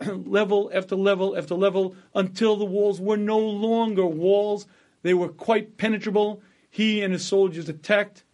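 A man giving a sermon, retelling a Midrash slowly and deliberately, quoting Hebrew lines and translating each one, with frequent throat-clearing. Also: high-pitched, darkish tone. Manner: quotes Hebrew text then translates line by line. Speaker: Torah teacher.

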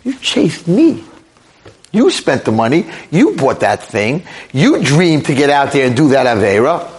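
A taunting, accusing tempter spirit whose voice leaps between low mutters and sharp high jabs, as a preacher puts it on. The tone is husky and mocking. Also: male voice, sing-song, measured pace.

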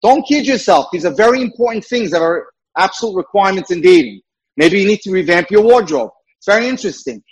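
A man's voice: sits high, animated, quick pace, husky, rough recording. A man who works as a dating mentor, giving an emphatic lecture with repeated points.

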